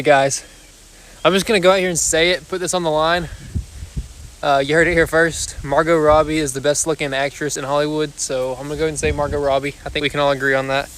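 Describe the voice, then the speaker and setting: A man's voice: a little high, fairly even intonation, fast, a bit bright. A young man hosting a casual livestream from his backyard on a phone, out of breath after exercising, chatting and joking with viewers in a loose, chatty way. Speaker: livestream host. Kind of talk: casual live chat with viewers. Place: backyard outdoors.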